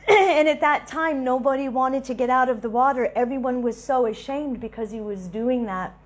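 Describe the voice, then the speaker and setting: A woman giving a devotional talk, telling lively stories and laughing between them. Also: high-pitched, normal speed. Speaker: devotional speaker.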